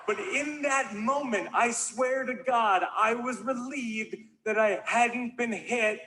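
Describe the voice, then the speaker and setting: A man doing a stand-up comedy routine, telling a rambling story and breaking into sudden shouted yelps. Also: extremely high pitch, slow pace, noisy background. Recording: played back from a stand-up clip.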